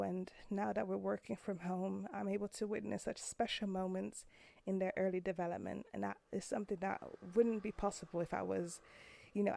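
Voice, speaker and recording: A woman's voice: mid-range voice, gravelly, darkish tone, no room sound. A woman in her thirties hosting a podcast from a room at home, speaking in a heartfelt, earnest way that turns emotional. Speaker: podcast host. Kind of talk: personal podcast monologue.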